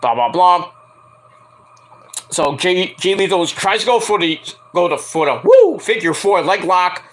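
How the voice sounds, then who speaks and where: A man's voice: high-pitched, moderate pace, fairly bright tone. A man giving a casual, rambling spoken review with lots of fillers and swearing. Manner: rambling, profane, with many fillers. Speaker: wrestling show reviewer.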